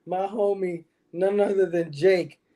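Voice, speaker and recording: A man with a fairly high voice hosts a casual panel chat. He is upbeat and friendly, and he laughs easily between remarks. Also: steady tone, measured pace, mellow. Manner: hype, friendly, laughs often. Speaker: podcast host.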